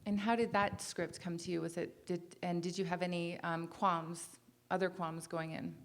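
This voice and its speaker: A woman's voice: fairly low pitch, little pitch movement, normal speed. A woman interviewer chatting casually, often restarting her questions as she goes.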